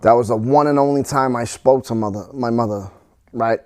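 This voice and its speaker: A middle-aged man, a podcast guest, telling a painful personal story in a halting way, full of restarts and fillers. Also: medium pitch, darkish tone.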